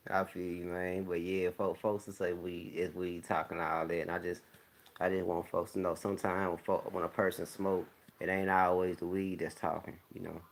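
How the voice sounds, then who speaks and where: Smoking at home, a vlogger delivers a loose, unhurried monologue to camera in a deep, gravelly, flat voice. He's laid-back and rambling, speaking candidly while clearing his throat again and again.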